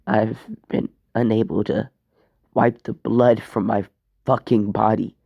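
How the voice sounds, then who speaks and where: Man doing a dark vengeful teen boy, cold and threatening, slow gravelly voice, dry sound. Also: fairly low pitch, little pitch movement, dry recording, muffled recording. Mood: anguished. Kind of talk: fan story voice acting.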